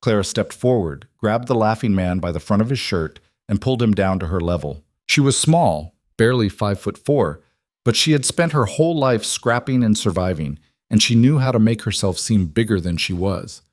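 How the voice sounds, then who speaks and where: Low-voiced man narrating a drama. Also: expressive, normal speed, dry recording, clean studio sound. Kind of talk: scripted narration.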